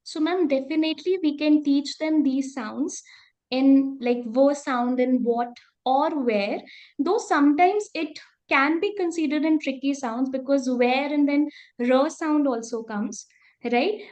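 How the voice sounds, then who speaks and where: A woman's voice: high voice, darkish tone. A woman presenter, earnestly answering a question on a video call, often repeating herself as she explains. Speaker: session presenter. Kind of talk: answering questions in an online training.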